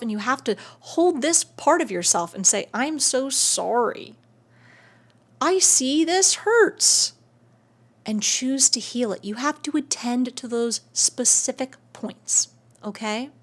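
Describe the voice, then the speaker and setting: A woman hosting a spiritual self-help video, talking to camera in an air-conditioned room, emotive and swinging between soft and excited. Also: high voice.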